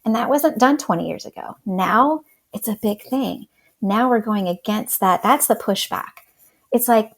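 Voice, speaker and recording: A woman teacher being interviewed, talking in a lively way and acting out what she says in class. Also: fairly high pitch, measured pace. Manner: animated, acts out classroom talk in quotes. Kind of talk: casual interview talk.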